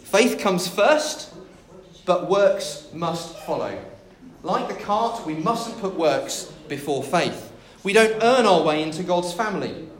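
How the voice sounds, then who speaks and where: High-voiced preacher in an echoey room. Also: male voice, lively intonation, slow. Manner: storytelling with light humor. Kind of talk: sermon.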